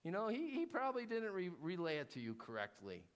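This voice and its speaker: A cunning serpent hisses its temptations in a soft, villainous whisper, as a man puts it on mid-sermon. Its questions wheedle and coax. Its pitch sits a little high and swoops up and down. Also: wildly swooping pitch, a little fast, smooth. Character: sly, coaxing male serpent tempter.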